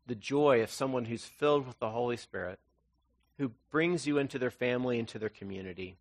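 A man preaching an Easter sermon, earnest and conversational, rising to loud emphasis and dropping to hushed, soft moments. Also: mid-range voice. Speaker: pastor.

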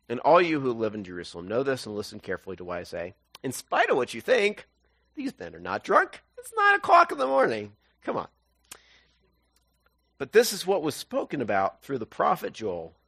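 Animated man preaching a sermon. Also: medium pitch, no room sound. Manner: animated storytelling, acts out voices. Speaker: pastor.

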